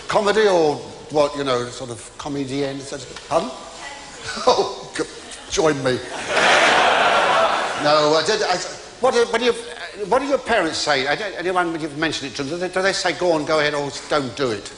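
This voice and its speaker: A man's voice: a little high, animated, moderate pace, fairly bright tone. An older man doing live stand-up comedy, chatty and stammering, with exclamatory asides to a student audience. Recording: reverberant hall with audience.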